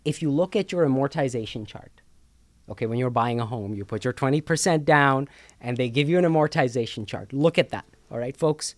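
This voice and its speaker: A man's voice: mid-range voice, brisk, no room sound. Emphatic man explaining money on a talk show. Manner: emphatic, repeats words, says okay often. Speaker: co-host explaining finance. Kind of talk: casual panel talk show.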